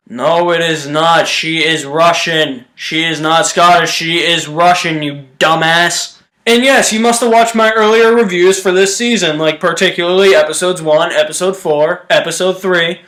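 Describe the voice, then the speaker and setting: A man's voice: on the high side, normal speed, pushed and bright, roomy sound. A young man giving a casual, exasperated review rant about a TV show. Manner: ranting, exasperated, blunt.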